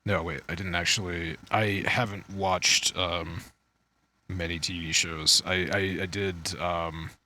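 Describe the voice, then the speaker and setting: Bright-toned man chatting casually. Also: deep voice, little pitch movement, measured pace. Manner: rambling, swearing, loses his train of thought. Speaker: podcast co-host. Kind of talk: casual chat.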